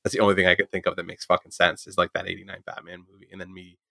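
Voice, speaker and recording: Fast-talking deep gravelly man. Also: completely flat delivery, bright, forceful tone, no echo, clean studio sound. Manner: rambling, swears often, heavy use of "like". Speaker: drummer and comic artist. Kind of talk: casual chat.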